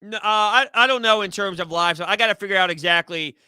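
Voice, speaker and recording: A man's voice: sits high, fast talker, pushed and bright, clean tone, no echo, studio quality. A young man hosts a sports live stream, chatting loosely and reading viewer comments with easy laughs. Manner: chatty, rambling, laughs easily. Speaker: sports YouTube host.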